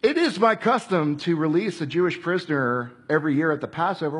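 A man preaching a sermon, retelling the story with animated delivery and acting out the voices he quotes. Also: on the high side, a little fast, slightly rough.

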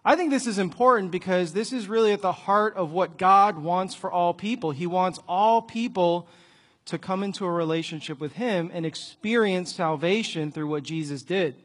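A man preaching a sermon and telling an illustrative story, earnest, often dropping to a soft, hushed voice. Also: sits high, normal speed, slightly rough.

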